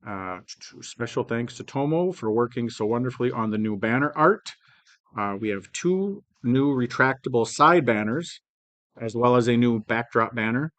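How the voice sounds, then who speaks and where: A man hosting a staff planning meeting in a hotel room, reading department updates with frequent ums and pauses. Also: mid-range voice, expressive, a bit bright, no echo. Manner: halting, reads updates aloud with many ums. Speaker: meeting host. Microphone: phone mic, sometimes held low.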